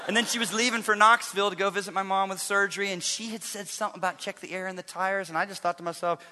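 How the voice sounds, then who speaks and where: A middle-aged man preaching a sermon as a pastor, animated, swinging from loud emphatic bursts to hushed intensity. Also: high-pitched, fast talker, few pauses, big-room sound.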